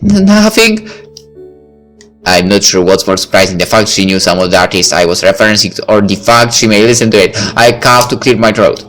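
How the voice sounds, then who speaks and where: A man with a lowish voice reads a visual novel aloud in the first person. He slips into relaxed, offhand asides between passages. Quiet music plays faintly underneath. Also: fast talker, few pauses. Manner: casual asides between narration. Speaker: let's play reader.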